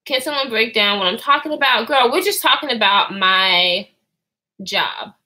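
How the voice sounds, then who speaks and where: Animated high-voiced woman spilling tea. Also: normal speed. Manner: candid, profane, chatty, animated. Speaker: vlogger. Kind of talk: storytime chat with live comments.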